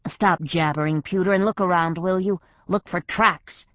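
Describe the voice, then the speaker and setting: A woman voicing a bossy, practical female tiger cat in an audiobook, brisk and commanding. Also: on the low side, fairly even intonation, dry recording, dull audio, close to an everyday voice. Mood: impatient.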